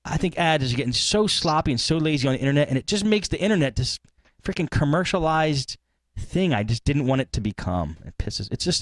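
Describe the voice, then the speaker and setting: A man's voice: on the high side, no echo, clean studio sound. A man hosting a live tech podcast, ranting casually and animatedly with laughs. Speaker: podcast host.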